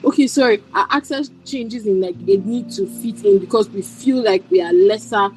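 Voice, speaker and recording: A woman's voice: mid-range voice, normal speed, a little mellow, rough recording. Woman, book club member, hesitant, lots of "like", apologetic, faint music behind. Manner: hesitant, filler-heavy, apologetic. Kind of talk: casual discussion.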